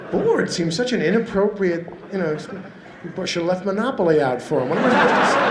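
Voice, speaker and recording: A man's voice: high-pitched, very animated, fast. A male stand-up comedian performing for a live theater audience, acting out pets and owners with sudden squeals. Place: large theater stage. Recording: roomy live theater recording, audience noise.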